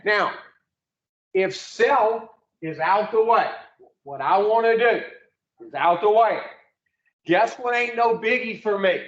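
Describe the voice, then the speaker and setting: A man's voice: high voice, expressive, slow pace, long pauses. A man leading an addiction recovery group, telling a folksy story with mild swearing and calling on listeners. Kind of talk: casual teaching to a recovery group. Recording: echoey room, dull lo-fi sound.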